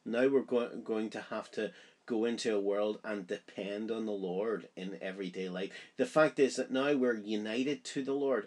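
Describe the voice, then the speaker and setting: A man with a somewhat low, husky voice leads a Bible study. He explains the chapter section by section in an earnest, conversational way. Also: a little mellow. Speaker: Bible teacher.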